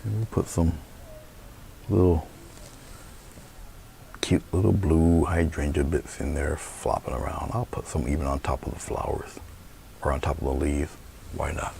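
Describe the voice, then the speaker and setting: Male painting instructor, bass register, gravelly; easygoing live demo patter. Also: measured pace, pauses often, a little hiss or hum. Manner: relaxed, chatty, thinking aloud.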